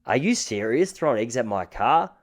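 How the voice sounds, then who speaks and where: A man putting on a Lebanese accent to play a brash young man yelling indignantly about his new car. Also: medium pitch, big pitch swings, normal speed. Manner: aggressive, indignant shouting.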